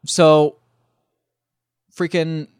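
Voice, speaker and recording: A man co-hosting a podcast, casually recapping a movie and acting out the characters' lines in a lowered voice. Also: very slow, smooth, dry recording, studio quality. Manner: animated retelling, acts out quotes in lowered voices. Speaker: podcast co-host recapping a film. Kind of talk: casual chat.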